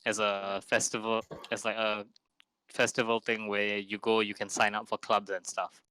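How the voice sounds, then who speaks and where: A man's voice: on the low side, moderate pace, clean tone, rough recording. A young man with a Malaysian English accent, chatting casually on a podcast and acting out the people in his stories. He sounds a little run down and coughs now and then. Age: young adult. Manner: animated storyteller, acts out other people's lines. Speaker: podcast co-host. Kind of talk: casual chat.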